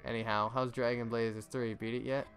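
A man voicing a joking, bedridden reindeer dad from a video game, gruff and folksy. It is close to his everyday voice, with game music playing softly underneath. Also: medium pitch, little pitch movement, fairly quick, natural voice.

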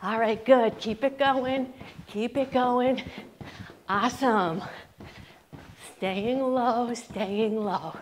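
An upbeat woman with a slightly high voice coaches a rebounding workout, calling out cues and counting down reps. She speaks in an unhurried, drawn-out way while bouncing along herself. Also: slight background noise. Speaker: fitness instructor.

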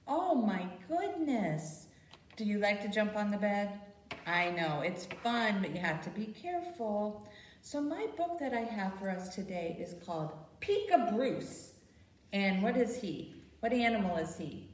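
Animated woman leading a baby storytime. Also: medium pitch, takes it slowly. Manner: animated, sing-song, asks babies questions. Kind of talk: baby storytime with rhymes and picture book. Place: library program room. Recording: roomy sound from a distance.

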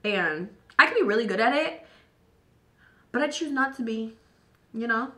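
Young woman vlogger, tipsy and slightly hoarse, bright-voiced, chatty and profane. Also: on the high side, lively intonation, moderate pace. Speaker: beauty vlogger. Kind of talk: tipsy casual chat while doing makeup.

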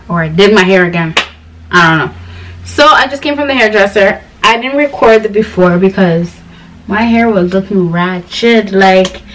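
Young woman vlogger from Ghana, rambly chatty storyteller, slightly distant mic. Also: mid-range voice. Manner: chatty, rambling storytelling with animated quoted voices. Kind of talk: casual chat to camera.

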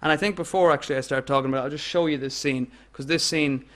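A man with an Irish accent giving an academic lecture in a measured way, with fillers and restarts. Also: fairly high pitch, fairly even intonation, fairly bright tone. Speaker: guest lecturer.

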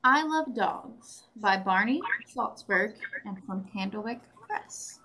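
A woman's voice: medium pitch, lively intonation, slow. A woman librarian reading a picture book aloud, asking the children questions between pages. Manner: bright storytelling with questions to children.

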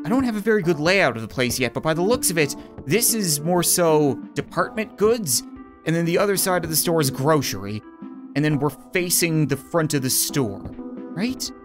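A man's voice: on the high side, animated, normal speed. A man commentating a horror game let's play, sarcastic, jumpy and self-deprecating, cracking jokes about his job. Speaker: gaming YouTuber. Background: game music.

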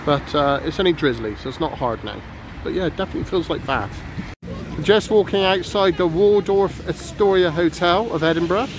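A man's voice: fairly high pitch, normal speed. A man narrating a casual walking vlog outdoors in light rain, chatty and rambling, filmed on a handheld camera. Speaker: vlogger. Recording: noisy street with traffic.

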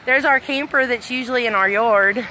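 Out at a fireworks tent after a storm, this livestream host, a middle-aged woman from Arkansas with a Southern accent, talks casually into a phone held at arm's length, a bit breathless. She's chatty and affectionate, reading comments aloud and laughing often, her fairly high voice pushed and bright at a moderate pace. The recording is low quality with a little hiss or hum.

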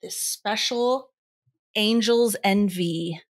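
A woman's voice: medium pitch, very slow, no room sound. A young adult woman co-hosting a podcast in casual chat, rambling, laughing often and poking fun at herself. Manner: laughing, rambling, self-mocking. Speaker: podcast co-host.

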